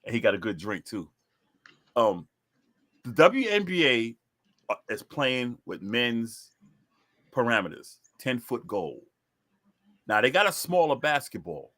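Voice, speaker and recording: A man's voice: mid-range voice, big pitch swings, unhurried, long pauses, pushed and bright. A man co-hosting a casual podcast chat about sports, repeating himself to press his points. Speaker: podcast co-host.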